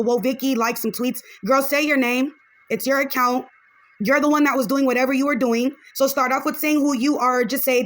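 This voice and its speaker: Woman, podcast reaction host, high voice, quick talker, frank and chatty. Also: fairly bright tone. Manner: chatty, frank, opinionated, drops in Spanish phrases. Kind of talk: casual reaction commentary.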